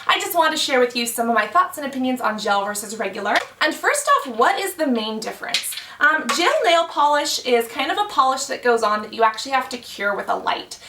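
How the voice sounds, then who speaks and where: A woman's voice: on the high side, vocal fry, roomy sound, far from the mic, background noise. A woman beauty vlogger talking casually to camera, chatty, thinking aloud with many fillers. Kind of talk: casual explainer talk to camera.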